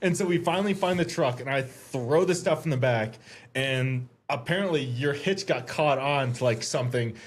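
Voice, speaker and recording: A man telling a story on a casual podcast as a guest, animated and profane, acting out what everyone said. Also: medium pitch, normal speed. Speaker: podcast guest, Army veteran.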